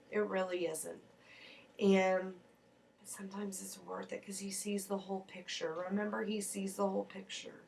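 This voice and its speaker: A woman's voice: medium pitch, gravelly, slight background noise. Earnest woman talking faith, slightly distant. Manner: earnest, heartfelt, rambling with restarts. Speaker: mother sharing faith reflections. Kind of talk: personal faith vlog.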